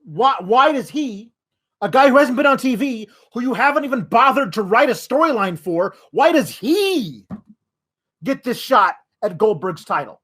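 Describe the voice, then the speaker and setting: A man's voice: very high-pitched, very animated, normal speed, a bit bright, slightly rough. A man hosting a wrestling podcast, ranting in exasperation with frequent swearing. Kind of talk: podcast rant.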